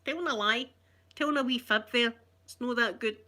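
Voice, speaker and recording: Woman, Scottish accent, middle-aged, bright clear tone, chatty live-stream host, laughs a lot. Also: a little high, fairly quick. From Scotland. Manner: chatty, reads out viewer comments, laughs often. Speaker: ASMR channel host. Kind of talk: casual live-stream chat.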